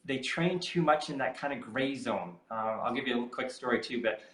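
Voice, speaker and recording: A man's voice: medium pitch, brisk, reverberant, poor audio. A middle-aged man, a triathlon coach, talking casually in a podcast interview, telling stories and laughing often. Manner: animated storyteller, laughs often, quotes others.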